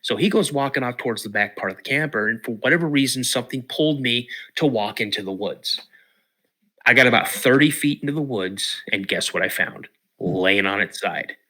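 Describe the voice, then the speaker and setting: A man from Washington State, a podcast guest telling an animated story and acting out the other people's lines. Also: medium pitch, brisk. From Washington State, USA. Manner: lively storyteller who acts out the voices of others.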